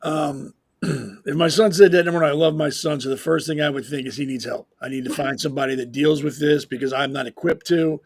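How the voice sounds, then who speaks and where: A man's voice: a little high, fairly even intonation, a little fast, vocal fry, no echo, studio quality. A man co-hosting a political panel, speaking bluntly and emphatically. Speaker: co-host. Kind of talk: casual political panel talk.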